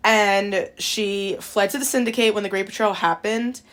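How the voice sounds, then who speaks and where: A woman co-hosts a podcast, chatting casually about a video game in a medium-pitched, slightly bright voice with a steady tone. She talks at normal speed, chatty and packing her sentences with "like".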